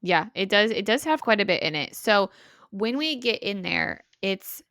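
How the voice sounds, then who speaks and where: Female podcast co-host, casual animated recapper, gravelly voice, dry close mic. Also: mid-range voice, normal speed, no echo. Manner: animated retelling, lots of "like" and "right?". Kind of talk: casual book-review chat.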